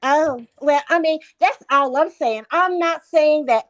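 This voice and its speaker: A woman's voice: high-pitched, a little slow, low-quality recording. A woman with a Southern US accent, speaking insistently as she explains herself in a discussion. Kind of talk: casual discussion.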